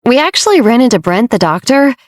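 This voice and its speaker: A woman's voice: on the high side, big pitch swings, a little fast, no echo, voice pushed up. A woman narrator voicing a confident, teasing young man, the wealthy heir in a romance audiobook, read in a dry, close recording. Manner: playful, teasing.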